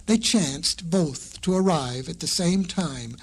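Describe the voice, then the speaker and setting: Storybook narrator, man, high husky voice, slow and folksy, talks to kids. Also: expressive. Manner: folksy, addresses children. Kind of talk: storybook record narration for children.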